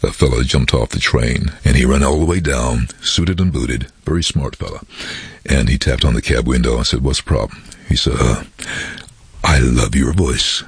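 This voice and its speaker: A man who works as a voice-over artist, telling lively stories in an interview and slipping into quick impressions. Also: extremely low pitch, vocal fry, breathy edge, no room sound. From London. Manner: lively anecdotal, slips into impressions. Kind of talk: interview storytelling.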